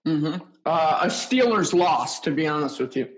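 A man's voice: fairly high pitch, animated, normal speed. A young man co-hosting a podcast in casual, joking chat, swearing freely. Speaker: podcast co-host.

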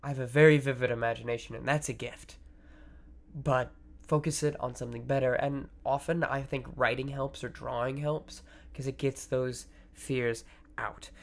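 A man of middling pitch talks alone into a podcast mic with a gravelly edge to his voice. He is reflective and conversational, stopping to correct himself and filling gaps with ums. When he quotes other people, he drops lower and quieter. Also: fairly even intonation, moderate pace. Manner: reflective, conversational, with many fillers and self-corrections. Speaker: podcast host. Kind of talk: solo podcast monologue on mental health.

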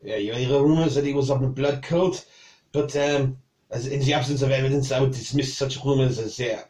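A man's voice: mid-range voice, a little fast, darkish tone, reverberant, lightly acted. A man voicing a defiant peasant woman with a French accent in a tabletop game. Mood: scornful. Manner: defiant, suspicious, proud. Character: defiant Bretonnian peasant woman drinking wine.

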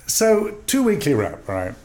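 Older male actor-teacher, lively pitch, storytelling guest who acts out lines and laughs a lot. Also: measured pace. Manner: animated, acts out dialogue in voices, laughs often. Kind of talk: storytelling interview.

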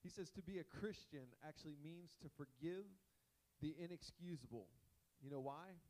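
Chatty, higher-voiced male pastor. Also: normal speed, a little mellow, rough recording. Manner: conversational preaching with many fillers and asides. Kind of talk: sermon.

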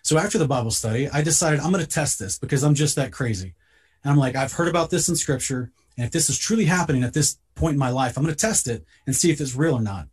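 A man telling a personal story in a casual podcast talk, earnest and halting, often repeating words as he starts a sentence. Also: fairly high pitch, animated, slightly rough.

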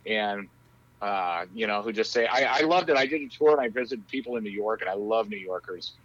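A man in his fifties, a guest talking casually about his films and music in a rowdy, loud-mouthed, profane way. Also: lowish voice, animated, a little fast, lo-fi sound. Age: 50s. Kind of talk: casual interview chat.

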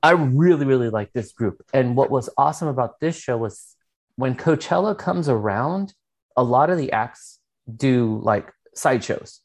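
A man's voice: mid-range voice, expressive, normal speed. A man, co-hosting a podcast, telling stories in a casual, rambling way, with lots of fillers and swearing. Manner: rambling storytelling, heavy filler words and swearing. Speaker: podcast co-host. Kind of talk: casual chat.

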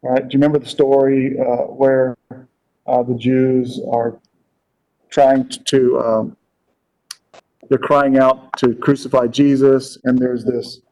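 On a dull, lo-fi recording, a man teaches a relaxed Bible lesson in a medium-pitched, flat, slightly mellow voice, halting often and filling pauses with repeated words and fillers.

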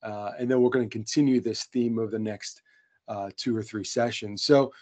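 A man's voice: fairly low pitch, steady tone, moderate pace, mellow. A man co-hosting a casual podcast, talking in an earnest, friendly way with frequent fillers and restarts. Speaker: podcast co-host. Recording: dull lo-fi sound.

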